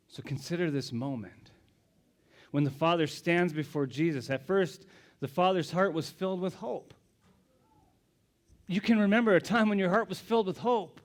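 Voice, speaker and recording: A male pastor preaching a sermon, telling the story dramatically, dropping to hushed whispers and rising to loud exclamations. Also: high voice, normal speed, long pauses.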